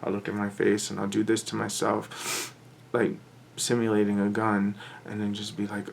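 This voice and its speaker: Male vlogger, nervous and halting, flat delivery with a rough, creaky edge. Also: fairly low pitch, slight background noise. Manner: anxious, halting, with many restarts. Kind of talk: confessional vlog monologue.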